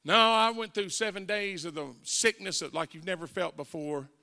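Recorded in a reverberant church sanctuary, a forties-aged Southern evangelist preaches his testimony, acting out the voices within it. He speaks at a moderate pace in a high-pitched, bright, forceful voice with vocal fry.

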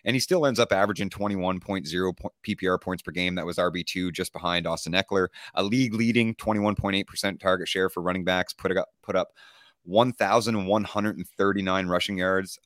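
A man from Canada co-hosting a casual sports podcast, relaxed as he rattles off stats. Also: sits low, no room sound, studio quality. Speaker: podcast co-host. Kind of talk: casual fantasy football talk.

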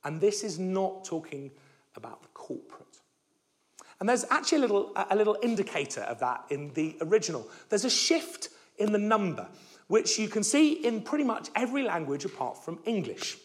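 A man preaching a sermon, emphatic and animated, often restarting words and letting his voice fall soft at the ends of phrases. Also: high voice, moderate pace.

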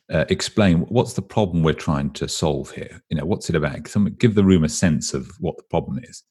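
An English man with a very low, husky voice talks as a guest expert. He explains at a brisk clip and slips into little quoted voices to act out what people say. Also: a little mellow. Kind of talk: explaining in an interview.

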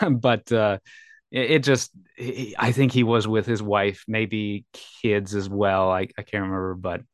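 A man's voice: lowish voice, steady tone, measured pace, no room sound, clean studio sound. A man co-hosting a casual podcast, telling a story in a rambling way with lots of fillers. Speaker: podcast co-host. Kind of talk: casual chat.

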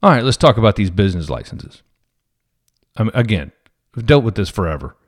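A man's voice: lowish voice, a little fast. A man who is a police officer, telling a story to viewers in a casual way and acting out the people in it. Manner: animated, acts out quoted people.

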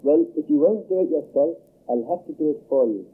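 A calm little girl who presses a frightened man to face his fear, as a male reader puts her on. She speaks firmly and keeps up insistent questions, in a husky voice. The sound is thin, like a phone line. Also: fairly high pitch, fairly quick, pitched above the performer's own voice. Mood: coaxing. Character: small girl, calm and firm healer.

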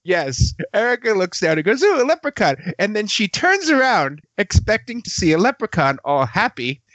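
A man's voice: sits high, very animated, normal speed, a bit bright, no room sound. A man hosting a podcast over a video call, teasing his co-hosts and telling stories in a hammy, playful way. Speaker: podcast host. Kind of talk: casual podcast chat. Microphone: computer mic on a video call.

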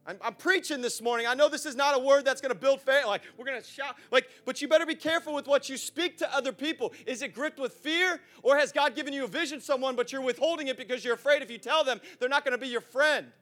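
Animated, high-voiced young pastor. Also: male voice, fast talker, hardly any pauses, faint music behind. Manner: animated, chatty, acts out scenes, asks the room questions. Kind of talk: sermon. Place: church.

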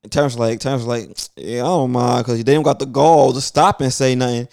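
A man's voice: medium pitch, steady tone, brisk, vocal fry, darkish tone, clean tone, no room sound, studio quality. A man from Brooklyn with a strong New York accent, telling stories in loose, slangy casual chat.

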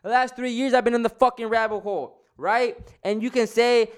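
Young dude venting to the camera, cussing a lot, tripping over his words, kinda high clean voice. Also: steady tone, a little fast, few pauses, smooth. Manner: heated, profane, repetitive restarts. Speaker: vlogger. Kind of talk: casual ranting monologue.

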